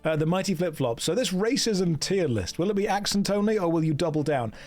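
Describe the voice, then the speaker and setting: A man's voice: high voice, animated, a little fast, a little mellow, faint music behind. Joking British man streaming a game. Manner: joking, self-mocking, reads chat aloud. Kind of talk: casual game stream chat.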